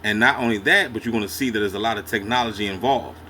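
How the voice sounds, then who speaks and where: A man's voice: fairly low pitch, fast, sharp tone, slight background noise. A man hosting a reaction video, talking in slangy, emphatic asides and backing up the clip he plays. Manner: slangy, emphatic, chiming in with agreement. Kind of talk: casual reaction commentary.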